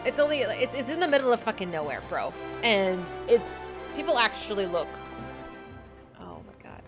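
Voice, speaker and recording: A chatty young woman streaming a game, talking in casual valley-girl phrasing with a sprinkling of swears. Her pitch bounces widely as she talks. Faint game music plays underneath. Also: big pitch swings, brisk. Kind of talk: casual gaming livestream chat.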